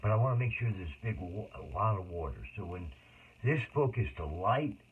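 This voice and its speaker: A man's voice: lowish voice, lively intonation, fairly quick, slightly rough. Rambling middle-aged man, tinny sound. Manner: rambling, jumps between tangents. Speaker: autobiographical monologue speaker. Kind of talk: rambling personal monologue. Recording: tinny phone-like audio.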